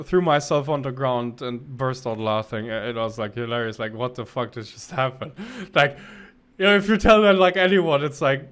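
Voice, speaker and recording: A man's voice: medium pitch, fairly bright tone, clean tone. Rambling man telling a story. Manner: rambling, many restarts and fillers. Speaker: podcast co-host. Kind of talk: casual chat, storytelling.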